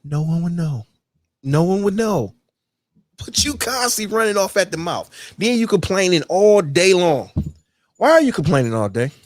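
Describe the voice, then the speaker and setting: A blunt, foul-mouthed man rants about a coworker on his own podcast. His voice is fairly high and swings widely, and the sound is close and dry. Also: very animated, moderate pace, no room sound. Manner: blunt, profane, mocks others in whiny voices. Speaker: podcast host. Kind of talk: casual rant monologue.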